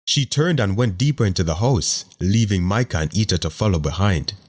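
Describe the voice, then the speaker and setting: A man reads a fantasy audiobook aloud in a very low voice. His delivery is steady and measured, in the manner of scripted narration.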